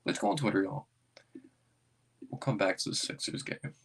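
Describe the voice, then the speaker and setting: A man with a fairly low voice hosts a casual fan livestream, rambling and thinking out loud. He keeps breaking into excitable bursts as he reacts to his team. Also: moderate pace, husky. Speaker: basketball fan streamer.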